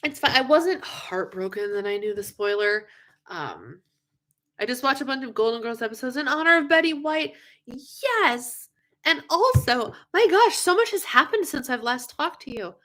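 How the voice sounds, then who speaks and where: A young woman hosting a casual live stream, chatting with viewers in an animated way, with lots of fillers and frequent yawns. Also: high-pitched, normal speed. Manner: chatty, animated, yawning often, many fillers. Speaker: livestream host.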